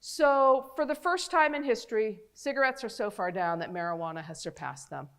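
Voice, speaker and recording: A middle-aged woman doctor giving an animated public health talk, chatting directly with her audience. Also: on the high side, a little fast, clear, resonant tone. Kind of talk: lively public health lecture.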